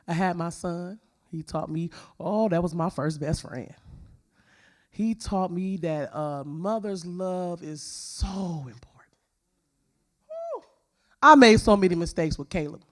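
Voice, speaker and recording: A woman speaking at a church women's conference, giving a personal testimony in an emphatic, informal storytelling way. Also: medium pitch.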